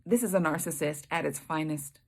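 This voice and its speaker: A woman teaching a Bible study, reading scripture aloud and commenting with emphatic, expressive reactions. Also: sits low, fairly quick, vocal fry.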